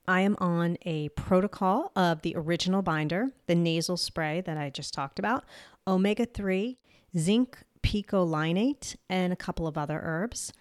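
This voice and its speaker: A woman's voice: lowish voice, moderate pace, clean tone, no room sound, clean studio sound. Candid New Jersey woman hosting a podcast. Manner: candid and casual, swears lightly, laughs at herself. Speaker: podcast host. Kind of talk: solo health podcast monologue.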